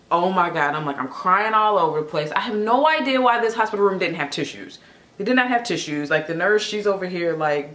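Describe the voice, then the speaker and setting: A young adult woman telling a story in a casual vlog, chatty and animated, with lots of fillers. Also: deep voice. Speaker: vlogger. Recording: echoey room.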